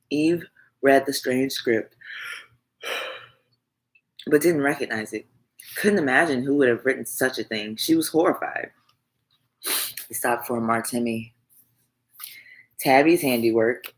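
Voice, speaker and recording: A woman narrating a romance novel for an audiobook, in an even, measured reading voice. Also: extremely low pitch, slightly rough, poor audio.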